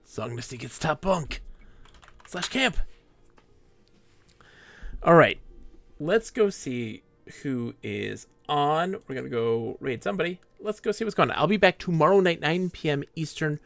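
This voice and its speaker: A man's voice: a little high, lively intonation, measured pace, gravelly, pauses often, fairly bright tone, faint music behind. A man streaming a game live, chatting in a goofy, joking, self-mocking way.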